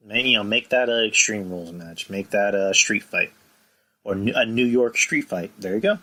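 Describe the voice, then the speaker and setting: Male podcast host, low voice with a forceful edge, rambling casual talk. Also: normal speed. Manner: rambling, full of "you know" and sighs. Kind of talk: casual chat.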